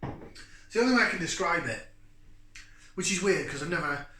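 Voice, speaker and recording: Man, middle-aged, rambling casual chat, higher pitch, echoey room and distant mic. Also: animated, moderate pace, sharp tone, slight background noise. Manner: rambling and chatty, thinking aloud with many fillers. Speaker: beer reviewer and channel host. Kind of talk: casual beer review to camera.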